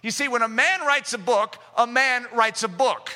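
A man preaching a sermon with fervor, rising to shouts and mimicking the voices of doubters. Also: very high voice, normal speed. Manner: impassioned, rising to shouts, acting out skeptics' voices. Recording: long reverb of a large hall.

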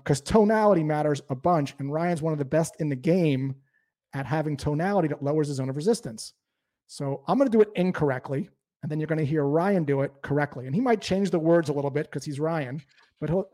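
A man explaining sales calling techniques in a lively coaching talk. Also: a little high. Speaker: sales trainer. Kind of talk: instructional talk.

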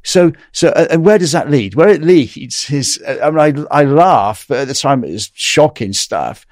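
In a casual interview, an animated man from England with a medium, somewhat mellow voice speaks at normal speed about his days in an American prison. His anecdotes wander and often end with "right?", and the studio recording is clean, without any room sound.

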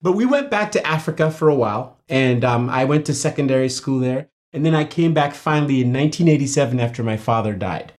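A middle-aged man from Nigeria, a guest in a casual interview, talking in an animated storytelling way and laughing often. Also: medium pitch, fast talker, hardly any pauses.

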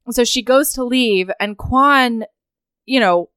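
A woman co-hosting a casual podcast, retelling a novel's plot with animated, frequent laughter and acted-out character lines. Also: fairly high pitch, slow pace, smooth, no echo, studio quality. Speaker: podcast co-host. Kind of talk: casual chat recapping a novel.

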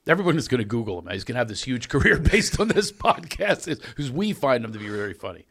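Gravelly, animated male storyteller. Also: mid-range voice, fast talker, a little hiss or hum. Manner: animated, laughing storyteller doing impressions. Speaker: podcast host.

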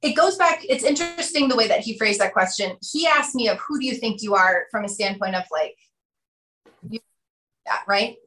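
A woman in her thirties, a podcast guest talking through ideas and acting out quotes in animated storytelling. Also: on the high side, moderate pace, reverberant, rough recording. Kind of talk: conversational interview.

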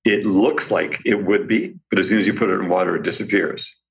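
A man with a very deep, gravelly voice speaks as an interview guest. He tells stories with eager enthusiasm, often restarting mid-sentence and laughing lightly. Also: a little fast. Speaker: guest, company founder. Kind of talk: casual interview talk.

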